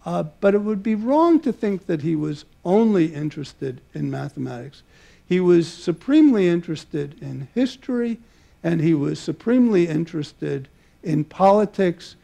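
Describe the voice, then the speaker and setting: An older man gives a public talk, his slightly high voice carrying a gravelly edge and a dark, mellow tone. He reminisces at length, stopping often on filler sounds as he gathers his thoughts. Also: very animated. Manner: halting, many filler pauses, warm reminiscing. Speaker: mathematician giving a public talk. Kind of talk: public lecture with personal anecdotes. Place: museum lecture hall before an audience.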